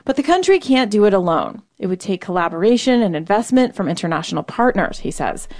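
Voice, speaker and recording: A woman's voice: medium pitch, very animated, fast, darkish tone. Woman reporter narrating a news story.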